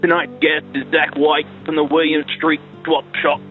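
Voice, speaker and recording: Man doing an exaggerated australian movie-star impression, tinny call audio, soft music underneath. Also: on the high side, little pitch movement, moderate pace, voice pushed up, close to an everyday voice. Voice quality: stereotyped Australian put-on. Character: Russell Crowe impression, Australian male actor.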